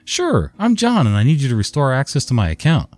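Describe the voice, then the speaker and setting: A man's voice: medium pitch, wildly swooping pitch, brisk, a little mellow, no echo, soft background music, pitched above the performer's own voice. A man voicing a stubborn, evasive male caller in a whiny, raised voice.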